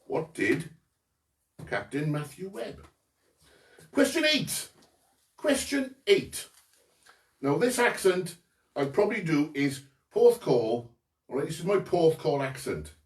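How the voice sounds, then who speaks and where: A man hosts a homemade quiz, reading each question slowly and then repeating it. His voice is high and swoops around a lot, and he sits back from the microphone in an echoey room. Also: very animated, darkish tone. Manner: slow, deliberate reading, repeating each question and mimicking local accents. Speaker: quiz host. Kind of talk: home lockdown quiz, reading questions aloud. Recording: roomy, distant from mic.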